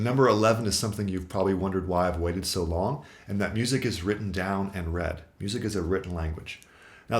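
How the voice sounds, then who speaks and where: Low-voiced guy teaching a guitar lesson on video, explains step by step, says um now and then. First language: English. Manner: explanatory, methodical, with occasional fillers.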